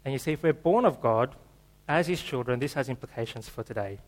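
A man's voice: mid-range voice, lively intonation, fairly quick, rough recording. A man preaching a sermon in a church, in a casual, joking, conversational way. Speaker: pastor.

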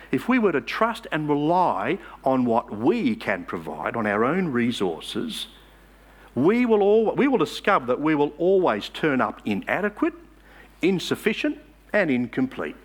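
A man preaching a sermon in church, emphatic and asking the congregation rhetorical questions. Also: a little high.

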